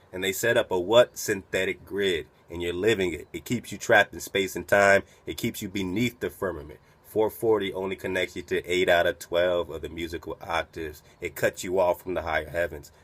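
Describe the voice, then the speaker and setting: A man's voice: deep voice, fairly even intonation, moderate pace, hardly any pauses, fairly bright tone. A man hosting a radio talk, giving preachy, profane commentary over a played recording and peppering it with rhetorical questions. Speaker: radio host.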